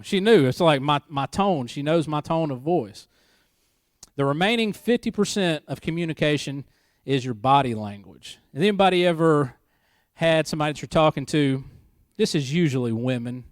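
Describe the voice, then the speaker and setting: A married adult man serves as pastor at a church service, preaching a conversational sermon full of joking asides and repeating key lines for emphasis. His voice is a little high. The sound is clean studio audio with no room sound.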